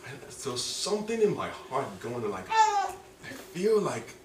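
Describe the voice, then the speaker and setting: A man preaching a sermon with passion, rising to high, emotional pleas. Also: huge pitch swings, unhurried, slight background noise. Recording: echoey room from a distance.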